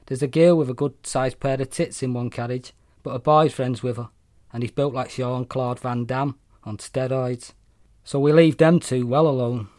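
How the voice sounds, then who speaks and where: A Mancunian man reads his own short story aloud in a blunt, wry, deadpan manner, swearing freely. His voice sits at a middling pitch for a man. The recording is dry and close, with no room sound. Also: normal speed, no room sound. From Manchester, England.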